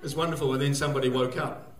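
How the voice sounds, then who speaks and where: A man from New Zealand with a New Zealand accent doing a stand-up comedy set, rambling loosely with lots of fillers and sudden shouts. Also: medium pitch, little pitch movement, rapid-fire, echoey room, recorded from a distance, a crowd in the background. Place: live venue stage.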